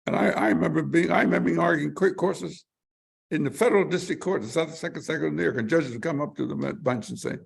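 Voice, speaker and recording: A man's voice: on the high side, fast, gravelly, husky. An older man, a guest in an interview, telling vivid stories and acting out what others said, sometimes repeating words as he searches for them. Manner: animated, vivid storyteller who acts out quotes. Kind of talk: storytelling in an interview.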